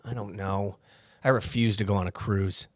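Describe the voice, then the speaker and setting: A man co-hosting a podcast, chatting casually, animated and swearing as he tells stories. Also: on the low side, moderate pace, no echo, studio quality. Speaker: podcast co-host. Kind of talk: casual chat.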